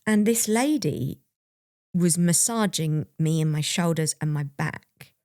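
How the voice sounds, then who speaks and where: Young woman w a low voice telling her own story on a podcast, open and reflective, dry close sound. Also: slow pace, a little mellow, dry recording. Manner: open, reflective, laughs while recalling. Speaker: podcast co-host. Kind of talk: candid personal storytelling.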